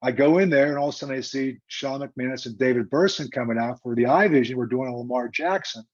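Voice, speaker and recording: An older man, a retired football coach, telling a story in a lively, emphatic, conversational way during an interview. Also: mid-range voice, quick pace. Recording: dull lo-fi remote audio.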